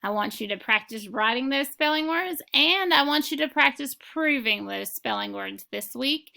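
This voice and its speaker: A woman teaching a phonics lesson, reading words and sentences slowly and pausing so students can repeat them. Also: high-pitched, sing-song, vocal fry, sharp tone. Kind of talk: slow, deliberate phonics lesson. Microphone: recorded lesson video.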